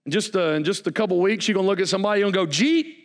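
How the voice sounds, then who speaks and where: High-voiced pastor preaching. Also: male voice, rapid-fire. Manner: animated preaching with folksy jokes and asides. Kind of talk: sermon.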